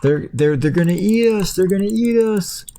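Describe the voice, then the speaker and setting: A man voicing a frightened talking food item in a high, squeaky, whining voice while retelling a story. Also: lively intonation, slow, a little mellow, full character voice. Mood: panicked. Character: panicked cartoonish talking food, male.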